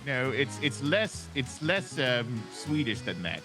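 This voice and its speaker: Brief: polite, stammering man playing a roleplay character, lively pitch, music under the voice. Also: takes it slowly. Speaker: roleplay player as an instructor character.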